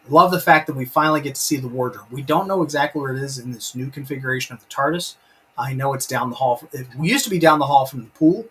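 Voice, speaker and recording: A man hosts a casual live stream reviewing a TV episode, rambling enthusiastically and breaking off to read chat comments aloud. His mid-range voice is a bit bright, and the rough recording carries some hiss or hum.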